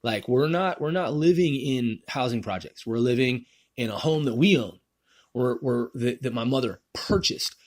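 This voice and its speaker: With a mid-range voice and no echo, this podcast host, a man in his forties, wanders through a casual one-man monologue. He's profane, leans on "man" and "bro," and uses "man" to fill every pause.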